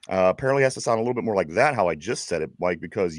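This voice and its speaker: Talking very fast with hardly a pause, this Pittsburgh-accented podcast co-host keeps his lowish voice lively as he rambles and laughs over his own verbal stumbles on a sports chat show. The recording is clean studio audio without any room sound.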